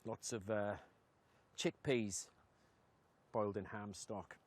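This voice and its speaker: A man's voice: lowish voice, steady tone, takes it slowly, a little mellow. A middle-aged man with a Northumbrian accent, presenting and telling comic stories casually outdoors, slipping in and out of local dialect. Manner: chatty, comic, slips into dialect. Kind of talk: casual storytelling to camera.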